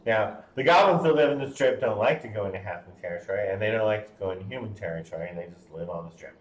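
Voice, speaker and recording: A man running a tabletop game as game master, halting with fillers and laughing often. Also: on the low side. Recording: roomy with faint background hum.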